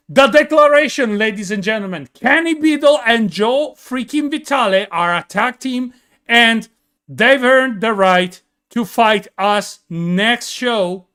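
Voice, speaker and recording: A man calling a video game wrestling match with excitable, yelling play-by-play and slips in English grammar. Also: high voice. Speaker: commentator and wrestler persona.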